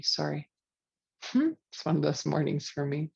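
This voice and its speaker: A woman teaching yoga, leading a guided meditation in a relaxed, chatty way. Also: low-pitched, measured pace, creaky, husky. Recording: dull lo-fi sound, dry.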